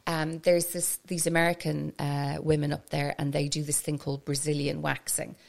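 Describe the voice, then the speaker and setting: A woman with a West Cork Irish accent, a podcast guest telling a story in a scattered, animated way and laughing as she goes. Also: sits low, moderate pace, gravelly. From Ireland, West Cork. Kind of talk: casual storytelling chat.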